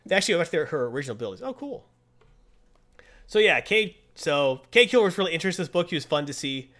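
Animated man recapping comics. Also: fairly high pitch, fast talker. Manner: animated, chatty, frequent fillers. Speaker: comic book podcast host. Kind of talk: casual comic book recap.

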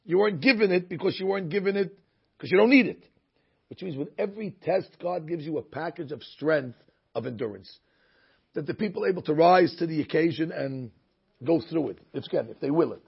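A man's voice: fairly high pitch, lively intonation, a little fast, vocal fry, slightly rough. A man teaching a recorded Torah lesson, telling stories and using many Hebrew terms. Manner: storytelling, sprinkled with Hebrew terms. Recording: muffled lo-fi recording.

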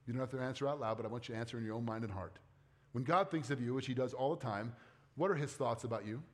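A man's voice: medium pitch, fast. A middle-aged man, a pastor preaching a sermon in a conversational way, often asking the congregation questions.

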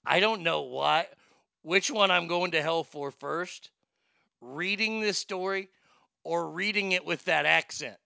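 A man's voice: fairly high pitch, unhurried, creaky, pushed and bright, clean tone, dry recording, studio quality. Irreverent, profane man hosting comic news. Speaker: host. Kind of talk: comedic news-reading commentary.

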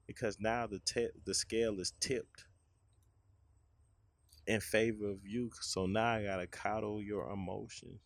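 A man's voice: lowish voice, little pitch movement, measured pace, gravelly, no room sound. A man, sharing his opinions frankly in a casual conversation. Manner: frank, opinionated, explains his view at length.

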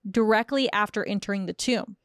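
A woman's voice: mid-range voice, fairly quick, no room sound. A woman co-hosting a casual podcast, telling eerie history with dry asides. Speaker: podcast co-host. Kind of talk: casual storytelling chat.

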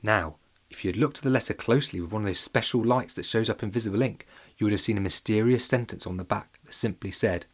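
A man's voice: fairly low pitch, fast talker, slightly rough. A man narrating a children's audiobook in a playful, jokey way. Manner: playful and jokey, with lively voices.

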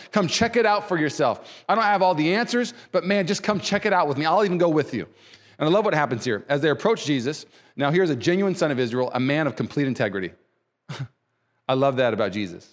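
A man preaching a sermon as pastor, conversational and animated, repeating phrases and voicing quoted people. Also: long reverb tail. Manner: voices quoted people with pitch jumps.

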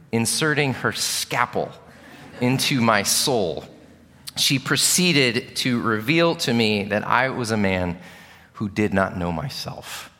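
A man's voice: on the low side, fairly bright tone. A middle-aged male pastor preaching a sermon with earnest, candid storytelling. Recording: long reverb of a large hall.

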